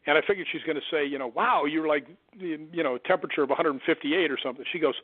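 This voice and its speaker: A man tells a story as an interview guest, animated and putting on the voices of the people in it. He comes through a thin, tinny phone line. The sound is dry and close, with no room around it. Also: fairly high pitch, very fast, no room sound. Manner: animated, acts out quoted voices. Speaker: guest, stuntman and ghost hunter.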